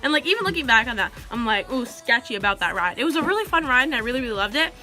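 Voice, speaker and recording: A teenage girl vlogs in a rushed, rambling storytelling style. Her voice sits a little high and sounds bright and sharp. Faint music plays underneath. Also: lively intonation. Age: teenager, about 16. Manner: chatty, rambling, heavy use of "like". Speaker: vlogger. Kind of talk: casual storytelling to camera.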